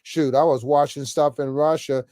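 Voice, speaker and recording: A man's voice: fairly high pitch, steady tone, moderate pace, mellow, dry recording, clean studio sound. A man giving an off-the-cuff political rant to camera, emphatic and repetitive, stammering often and ending phrases with "man". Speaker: political commentator vlogger.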